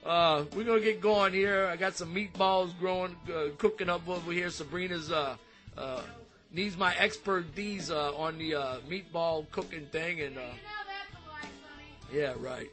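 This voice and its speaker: A man's voice: high voice, unhurried, over music. A man hosting a casual show, chatting and joking with a guest on the phone, rambling with many restarts. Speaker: show host. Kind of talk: casual chat.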